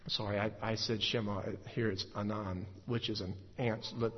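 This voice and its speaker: A man teaching a Bible passage in a halting way, with many fillers and restarts. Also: fairly low pitch, level tone, slight background noise. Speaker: preacher. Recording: dull lo-fi recording in a reverberant hall.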